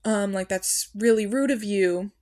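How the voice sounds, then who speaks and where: A woman voicing an indignant lady at a boba stand, slow and huffy as she scolds. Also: mid-range voice, a little mellow, natural voice.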